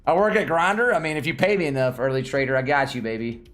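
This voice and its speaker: Faint music plays behind a Tennessee livestream host whose medium-pitched voice runs a little fast. He talks casually in a Southern accent, lively and easily excited, laughing frequently.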